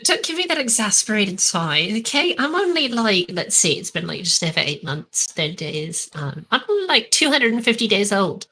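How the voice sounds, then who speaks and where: A woman's voice: mid-range voice, very animated, moderate pace, hardly any pauses, pushed and bright, a little hiss or hum. A woman guest in a casual stream chat, playful and teasing.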